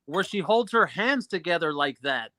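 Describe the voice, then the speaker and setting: A man joining a live video chat as a guest, tossing in quick wry remarks. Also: a little high, expressive, bright, forceful tone, dry recording. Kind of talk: casual live-stream chat.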